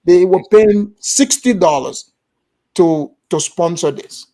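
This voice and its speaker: A man from Gambia with a Gambian accent, telling an animated story in casual chat and acting out the voices of others. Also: high-pitched, slow. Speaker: guest storyteller.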